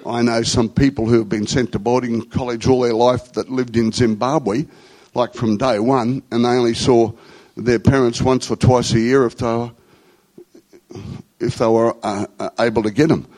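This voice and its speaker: A man's voice: mid-range voice, steady tone, normal speed, darkish tone, rough recording. A middle-aged man with an Australian accent, telling rambling, slangy stories in a conversational talk to a group.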